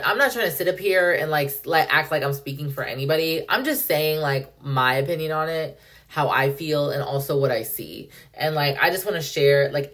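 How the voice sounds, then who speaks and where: A young woman hosting a solo podcast, ranting in a heated, profane way and saying "like" constantly. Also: sits low. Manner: heated, profane, heavy use of "like". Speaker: podcast host.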